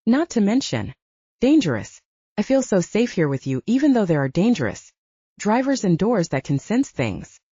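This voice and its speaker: A woman voicing a gentle, sheltered young woman from another realm, speaking softly and with delight. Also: medium pitch, very animated, moderate pace, slightly rough, dry recording, lo-fi sound, pitched above the performer's own voice. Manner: soft, wide-eyed and delighted.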